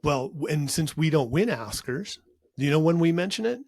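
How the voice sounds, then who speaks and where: A man hosting a podcast, talking earnestly and emphatically in a casual interview, often repeating words as he gets excited. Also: a little high, normal speed, no room sound, studio quality. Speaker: podcast host.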